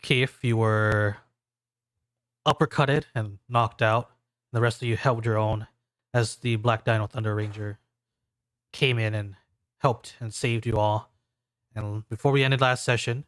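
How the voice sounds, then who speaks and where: Brief: relaxed man running a tabletop game, mid pitch, dry close sound. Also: no echo. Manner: loose, filler-heavy narration. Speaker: game master.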